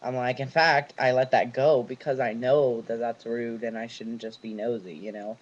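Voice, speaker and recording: Ranting at his camera at home, a young Californian curses freely, letting one story spill into the next. His middle-pitched voice stays fairly even at a moderate pace, captured with dull, lo-fi sound like an old webcam mic.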